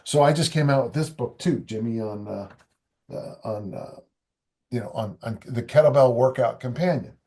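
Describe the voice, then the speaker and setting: Older male coach, conversational and rambling, mid-pitched. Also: normal speed, dark tone. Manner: rambling, frequent restarts and asides. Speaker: strength coach and author. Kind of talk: casual interview talk.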